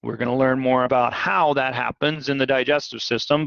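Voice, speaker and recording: A man teaching physiology in a live online lecture, animated and questioning, repeating key words. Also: medium pitch, fairly quick, vocal fry, dry recording. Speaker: physiology instructor. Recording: dull, dry video-call audio.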